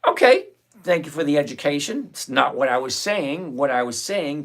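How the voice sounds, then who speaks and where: A man's voice: on the high side, very animated, moderate pace, fairly bright tone. A man hosting a live trading stream, answering chat and repeating his points emphatically. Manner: emphatic, repeats key phrases, lectures; reads viewer comments aloud. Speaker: livestream trading host.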